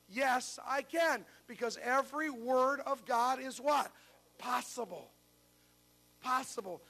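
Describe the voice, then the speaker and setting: A man's voice: very high-pitched, moderate pace, a bit bright. An older man preaching a sermon, telling a story and then asking the congregation to answer his questions aloud. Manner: preaching with call-and-response questions. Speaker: pastor.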